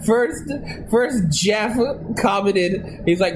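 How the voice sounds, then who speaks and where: Male streamer, high voice, brash and mocking, noisy background. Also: slow. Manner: brash, mocking, excitable, crude. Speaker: livestream host reacting to a clip. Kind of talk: casual reaction commentary.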